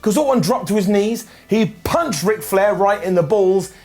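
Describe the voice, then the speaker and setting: A man delivers an energetic, jokey review with plenty of sarcasm. His voice sits high and swings widely in pitch. Faint music plays underneath. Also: normal speed. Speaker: wrestling show reviewer and host. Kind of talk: energetic video review commentary.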